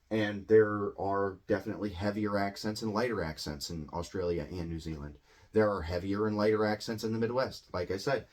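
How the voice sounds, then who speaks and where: A man talks through an English lesson in a loose, casual way. He often repeats himself and restarts words as he goes. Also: fairly low pitch. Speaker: English teacher.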